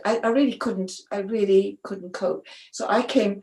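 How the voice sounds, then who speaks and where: A woman's voice: mid-range voice, measured pace. Woman telling stories in a roomy echo. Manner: animated anecdotal telling with repeated restarts. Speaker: interview guest, sports photographer. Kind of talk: storytelling in a conversational interview.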